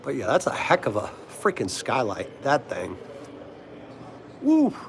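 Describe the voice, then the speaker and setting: A man's voice: medium pitch, huge pitch swings, a little slow, slight background noise. A middle-aged man with a DC accent, chatting casually on a livestream in a rambling way, laughing often and answering viewer comments. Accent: DC area. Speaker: livestream host.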